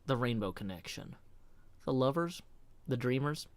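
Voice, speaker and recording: A man putting on a dramatic, halting spoken-word impression of a famous actor, stretching out phrases with big swings in pitch. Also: lively intonation, no room sound, close to an everyday voice. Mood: dramatic recital.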